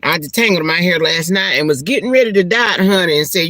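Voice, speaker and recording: A fast-talking middle-aged woman with a fairly low voice chats with her viewers while eating lunch, mukbang style, and the recording has no echo. As a vlogger she's chatty and animated, laughing often, calling people "honey" and "child" Southern-style, and using church exclamations.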